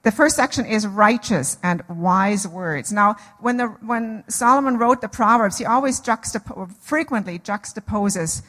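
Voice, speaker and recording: A woman's voice: mid-range voice, unhurried, few pauses, fairly bright tone. A woman giving an earnest, conversational Bible teaching to a church group, often restarting her phrases. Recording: long hall reverb.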